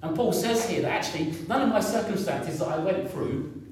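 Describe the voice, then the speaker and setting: A man's voice: high voice, animated, brisk, a little hiss or hum. Man in his fifties preaching in an echoey hall. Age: 50s. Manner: conversational, repeats himself, asks the congregation questions. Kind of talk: sermon. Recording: echoey room, picked up from a distance.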